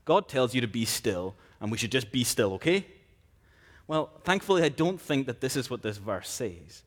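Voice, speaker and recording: A man preaching a sermon, earnest and measured, slowing down to stress key phrases. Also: medium pitch, very animated. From Scotland.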